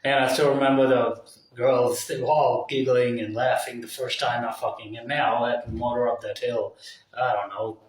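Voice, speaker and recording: A man talks at length in a loose, meandering way, cursing freely and circling back on his points. His voice sits at an ordinary pitch. He sounds set back from the mic, in a strongly echoing room. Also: little pitch movement, moderate pace. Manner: casual, profane, full of fillers and asides. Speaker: vlogger. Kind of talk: rambling opinion monologue. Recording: very echoey room, mic at a distance.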